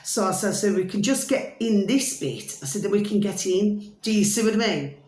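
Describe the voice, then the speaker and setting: A woman's voice: mid-range voice, expressive, normal speed, a little mellow. Rambling woman in an echoey room. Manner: chatty, repetitive, keeps checking in with listeners. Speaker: vlogger. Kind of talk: rambling storytelling to viewers. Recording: roomy echo, faint ambience.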